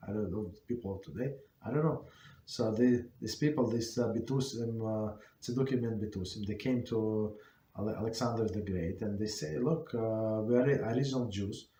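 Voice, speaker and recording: Man teaching, halting, in an echoey room. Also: fairly low pitch, dark tone, slight background noise. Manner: halting, many fillers and restarts. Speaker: rabbi teaching a class. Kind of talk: informal Torah class.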